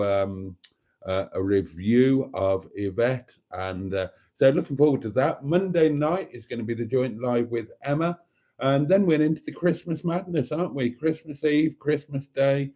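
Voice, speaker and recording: A man's voice: mid-range voice, dark tone. A man hosting a casual livestream, chatting affectionately and reading out viewer comments. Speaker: livestream host.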